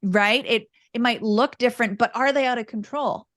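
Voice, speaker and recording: A woman with a fairly high voice talks calmly through parenting advice as a podcast guest, restarting phrases as she goes. Her voice is recorded very dry and close, with no room sound at all. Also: moderate pace, dry recording. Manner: calm, explanatory, repeats words while thinking. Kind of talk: casual interview talk.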